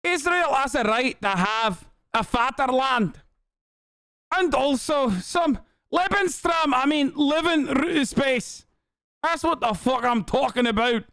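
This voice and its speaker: A man putting on a high, sing-song mocking impression of a fervent nationalist woman, drawing words out. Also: animated, vocal fry, pushed and bright, no echo, clean studio sound, heavily acted. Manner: drawn-out, mock-earnest delivery.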